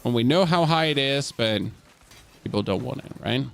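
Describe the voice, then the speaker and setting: A man's voice: mid-range voice, lively intonation, normal speed, vocal fry, slight background noise. A man from Germany, streaming a game live. He chats casually, answers questions from the chat and jokes between gameplay explanations.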